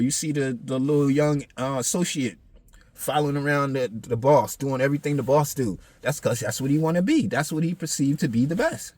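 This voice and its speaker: A man holds forth in a casual monologue, blunt and profane, full of street slang. His voice sits a little high and swings widely in pitch, with a husky edge. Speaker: podcast host.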